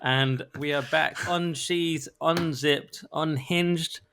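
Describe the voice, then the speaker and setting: A man's voice: mid-range voice, fairly quick, a bit bright, slight background noise. Jokey, rambling male podcast host. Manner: jokey, self-deprecating, rambling. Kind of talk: casual political podcast chat.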